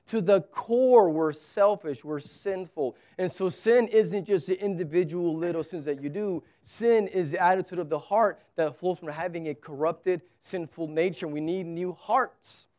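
A man's voice: high voice, moderate pace, few pauses, a little mellow. A man in his thirties preaching a sermon as pastor, earnest, often repeating a word as he presses a point. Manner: earnest, repeats words when stressing a point.

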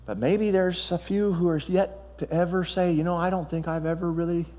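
High-voiced man preaching in a hall. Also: normal speed. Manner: animated preaching, acts out Bible dialogue, asks the crowd questions. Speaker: pastor. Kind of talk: sermon. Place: church sanctuary. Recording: long hall reverb.

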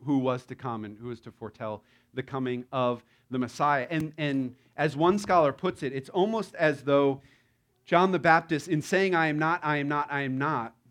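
A man preaching a sermon in a conversational, playful way, often acting out the lines he quotes. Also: mid-range voice. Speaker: pastor.

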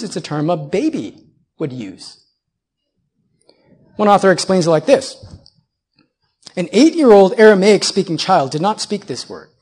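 Husky-voiced male preacher. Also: high voice, darkish tone. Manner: preaching with repeated phrases and rhetorical questions. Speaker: pastor. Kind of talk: sermon.

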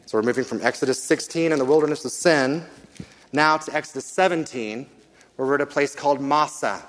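A man preaching a sermon, reading scripture aloud and slowing down earnestly to stress key lines. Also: mid-range voice, fairly bright tone, big-room sound, a little hiss or hum. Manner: earnest, measured, slows for emphasis.

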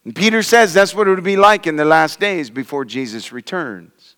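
A man preaching verse by verse through a passage, his smooth, resonant voice pitched a little high. He swings between loud emphasis and hushed drops, and the sound rings with a long reverb from a large hall. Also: very animated, normal speed. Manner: expository preaching, reading and explaining scripture verse by verse; dramatic swings in pitch and loudness, voices scoffers mockingly. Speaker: pastor. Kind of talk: sermon.

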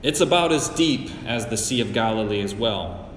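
A middle-aged pastor from the US Great Lakes region preaches a sermon in a slow, deliberate storytelling style, weaving in personal anecdotes. His lowish voice is expressive, with a little hiss or hum on the recording. He's captured in a church sanctuary, an echoey hall with long reverb.

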